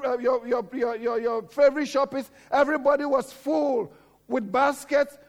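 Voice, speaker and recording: A male pastor delivers a sermon with a strikingly high voice for a man. He exhorts the congregation fervently, circling back to repeated phrases.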